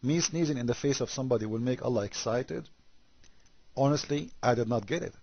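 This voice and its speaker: Husky-voiced man, sarcastic commentary. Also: medium pitch, dry recording, lo-fi sound. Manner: sarcastic, rhetorical questions, halting repetitions. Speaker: religion critic commentator. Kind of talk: critical commentary monologue.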